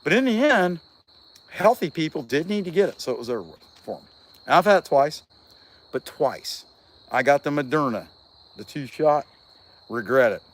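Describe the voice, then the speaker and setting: A fairly high-voiced man, chatting loosely on a livestream while he works. He rambles in a folksy way, telling stories and answering viewers as they come in. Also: sing-song, moderate pace, long pauses. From Southeast Ohio. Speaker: chainsaw carver and livestream host. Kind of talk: casual livestream chat reading viewer comments.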